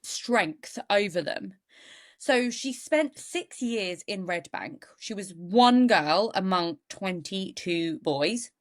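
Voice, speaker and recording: Woman co-hosting a true crime podcast, worked up and chatty, mid pitch. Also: expressive, takes it slowly. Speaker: podcast co-host.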